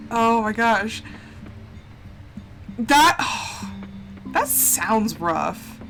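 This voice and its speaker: A woman's voice: fairly high pitch, big pitch swings, very slow, fairly bright tone. A young woman chatting casually while she streams a game live, gushing and emotional, laughing often and exclaiming a lot. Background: game music.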